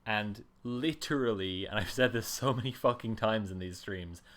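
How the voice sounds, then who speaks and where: A man's voice: fairly low pitch, normal speed, a bit bright. Man ranting over a game stream. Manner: chatty, swears freely, ranting and laughing. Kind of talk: casual gaming commentary.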